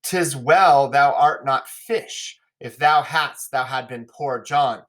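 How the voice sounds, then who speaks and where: A man's voice: medium pitch, slow pace, a bit bright. A man reading the part of Gregory, a cautious young male servant egging on a fight, in a classroom read-aloud. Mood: mocking. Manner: plain reading of verse lines.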